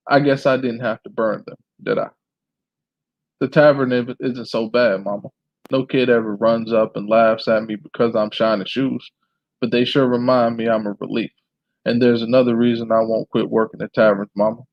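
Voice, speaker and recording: A man of middle pitch reads a memoir aloud, stumbling now and then and clearing his throat. The sound is dull and muffled. It sits close and dry in a small room. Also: level tone, moderate pace, no echo. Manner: unpolished reading with small restarts and throat clearing.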